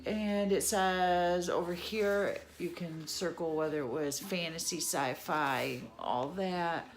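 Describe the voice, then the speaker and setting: Middle-aged female vlogger, slow unhurried unboxing chat, slightly low pitch, enthusiastic asides. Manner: chatty, exclaims over items, laughs at own mispronunciation.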